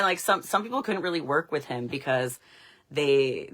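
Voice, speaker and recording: A woman's voice: low-pitched, brisk, fairly bright tone. A young woman telling stories on a casual livestream, chatty and laughing often. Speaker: livestream host.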